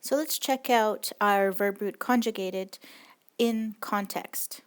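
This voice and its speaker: A woman's voice: mid-range voice, unhurried. A woman teaching a recorded language lesson, explaining rules patiently and step by step.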